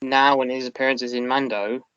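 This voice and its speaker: A man's voice: mid-range voice, little pitch movement, moderate pace, a bit bright, clear, resonant tone, no echo, muffled recording. A man in casual review chat, rambling and hesitant with many fillers. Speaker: podcast co-host.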